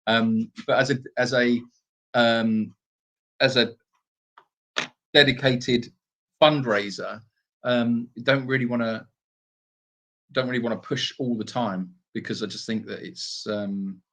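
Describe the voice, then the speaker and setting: A man's voice: medium pitch, fairly even intonation, slow, long pauses, a bit bright. A British man co-hosting a casual live Q&A from an animal sanctuary, rambling with plenty of fillers and restarts. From Britain. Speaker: sanctuary co-host.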